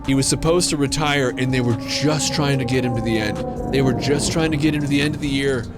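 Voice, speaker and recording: A man's voice: medium pitch, steady tone, brisk, loud music behind the voice. A man hosting a livestream, telling a story in a loose, casual way. He swears freely and fills his talk with fillers and restarts. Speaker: livestream gamer host.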